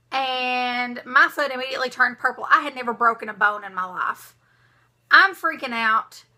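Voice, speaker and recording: A young woman, telling a story to her vlog viewers in a dramatic, animated way. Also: sits high. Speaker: vlogger.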